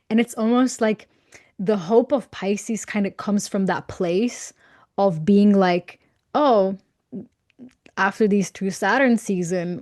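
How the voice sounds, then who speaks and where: A woman speaks, calm and reflective, as a podcast guest. She laughs lightly and often and doubles a word or two at the start of her phrases. Her voice sits in a middle range for a woman. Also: mid-range voice. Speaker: guest astrologer. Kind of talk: casual podcast conversation.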